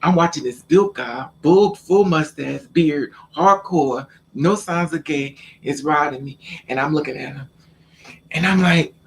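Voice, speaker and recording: Guy vlogging a story from his life, kinda high voice, stammers and repeats a lot, acts out the quotes. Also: unhurried, creaky, a little hiss or hum. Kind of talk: casual personal storytelling.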